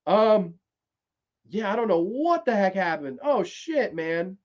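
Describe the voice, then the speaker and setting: A man hosting a live-streamed TV review, talking casually, swearing freely and excitedly retelling scenes. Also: high voice, takes it slowly. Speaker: podcast host reviewing a TV series. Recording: dull lo-fi stream audio.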